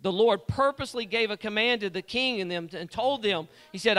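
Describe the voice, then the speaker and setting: A man's voice: high-pitched, animated, a little fast, bright, forceful tone. A man preaching a sermon in a church, fervent and repetitive, calling out to members of the congregation by name. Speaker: lay preacher and church guitar player. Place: church sanctuary.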